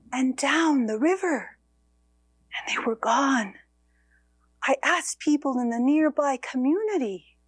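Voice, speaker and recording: In a voice that sits high, a woman becomes a weeping ghost who lost her children, recounting her tale in the first person. The delivery is slow and sorrowful, full of sighs and soft whispers.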